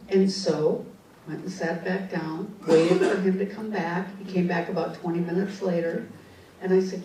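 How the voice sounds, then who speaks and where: A woman with a low, mellow voice tells a story to a conference audience in a loose, chatty way, dropping in asides and starting sentences over. She sounds distant from the mic in a reverberant hall, with a faint hiss underneath. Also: fairly even intonation, normal speed. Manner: conversational, frequent "okay" asides and restarts. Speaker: conference speaker, psychic. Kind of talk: storytelling talk.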